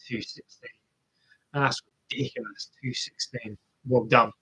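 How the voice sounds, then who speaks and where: A live race watch-along streamer casually commentates on a marathon for viewers, chatty and self-mocking as he cheers on the runners. His medium-pitched voice is steady, bright and forceful with a breathy edge, and he speaks unhurriedly.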